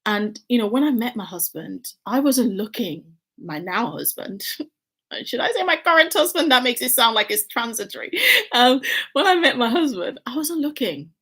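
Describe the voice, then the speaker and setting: A woman's voice: moderate pace, slightly rough. A middle-aged woman vlogging at home, telling her life story candidly and acting out quoted lines with big jumps in her voice. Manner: animated, frank, acts out quotes with big pitch jumps. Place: home with building works nearby.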